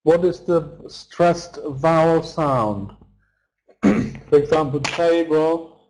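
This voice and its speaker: A man's voice: fairly high pitch, drawn-out words, a little mellow, rough recording. A man teaching an online pronunciation lesson, patiently repeating each word and counting its syllables. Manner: patient, explains the stressed vowel sound step by step. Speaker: English teacher.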